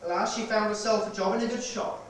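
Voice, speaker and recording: A man rehearsing a stage play as a stern police inspector, questioning in a measured, relentless way. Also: high-pitched, fairly even intonation, distant mic, close to an everyday voice. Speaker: amateur stage actor. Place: rehearsal hall. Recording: echoey hall recorded from afar, noisy.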